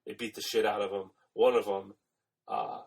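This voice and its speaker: A man's voice: on the low side, big pitch swings, moderate pace, gravelly, breathy edge, distant mic, low-quality recording. A man on a casual podcast retelling a film plot, swearing freely, laughing often and acting out the lines. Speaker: podcast co-host.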